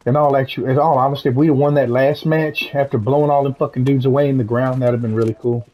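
A man's voice: medium pitch, fairly even intonation, fast, dark tone, low-quality recording. A man chatting casually with friends while playing a shooter game, joking and swearing. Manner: crude, joking banter with friends. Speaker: gamer. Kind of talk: casual chat while gaming.

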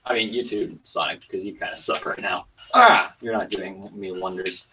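A man livestreaming a fighting game, swearing and yelling outbursts between muttered comments. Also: low voice, normal speed, far from the mic, noisy background.

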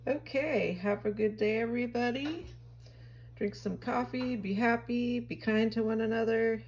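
A woman's voice: on the high side, measured pace, highs cut off. A woman vlogging in a casual, rambling way, talking to her viewers and cooing at her pet. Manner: chatty, rambling, with gentle baby talk to her pet. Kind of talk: casual chat to camera.

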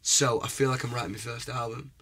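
A man's voice: mid-range voice, steady tone, fast, a bit bright, husky. A young man, a musician guest in a casual interview, talking earnestly in long rambling runs and often asking whether he is understood. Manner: earnest and rambling, often asks "you know what I mean?".

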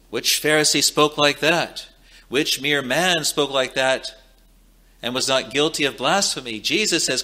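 A male pastor preaching a sermon in a slow, measured way, with solemn emphasis and repeated phrases. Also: medium pitch, bright, forceful tone. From Scotland.

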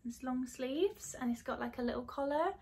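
A young woman describing dresses in a relaxed, hesitant way with many ums. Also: high-pitched, normal speed. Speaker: fashion vlogger. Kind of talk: casual haul chat.

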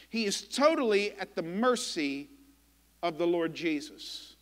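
A man preaching a sermon as pastor, impassioned and emphatic, with dramatic pauses. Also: sits high, a bit bright, in a large hall. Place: church sanctuary.

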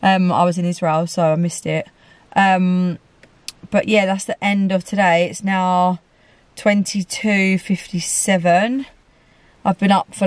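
A woman's voice: lowish voice, level tone, moderate pace, a little mellow, no echo. A woman vlogging to camera in a chatty, loose way, with lots of ums and casual swearing. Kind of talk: casual vlog chat to camera.

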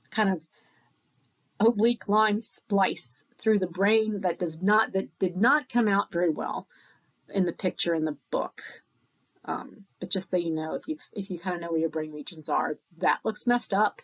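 A woman's voice: on the low side, muffled recording. A woman giving a recorded university lecture in a conversational way, correcting herself as she goes and counting beats aloud.

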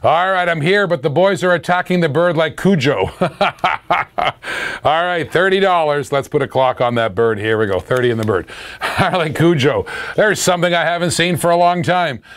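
A man's voice: fairly high pitch, expressive, moderate pace, a bit bright. A middle-aged man from Canada hosting a live auction stream, calling bids, laughing and chatting with viewers.

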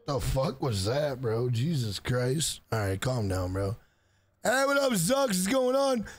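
A man streaming a game live, loud and profane, joking around, greeting viewers by name and breaking into shouted rhyming bits. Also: medium pitch, very animated, a little slow, dry recording.

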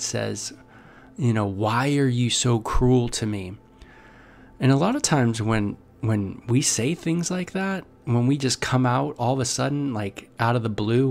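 A man's voice: on the low side, gravelly. A man giving a casual, conversational Bible devotional. He reads scripture aloud and comments on it with many fillers. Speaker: Bible teacher.

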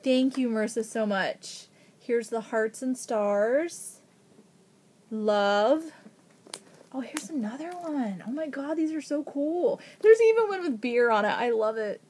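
A woman from Ohio in a casual unboxing vlog, gushing with excitement, gasping and thanking a friend over each gift. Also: on the high side, takes it slowly. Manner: gushing, excited, frequent gasps. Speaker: vlogger.

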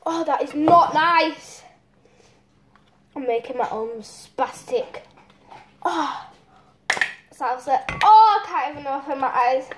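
A woman's voice: sits high, background noise. A woman with a cold, teary from chopping onions and exclaiming dramatically in a casual cooking vlog at home. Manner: dramatic, exclaiming, self-mocking. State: has a cold. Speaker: vlogger.

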